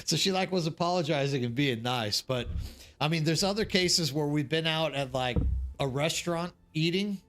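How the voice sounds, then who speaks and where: A man's voice: on the high side, normal speed, fairly bright tone, soft background music. A man hosting a live stream, telling rambling anecdotes to his chat with lots of fillers and restarts. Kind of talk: casual chat with viewers. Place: living abroad in South Korea.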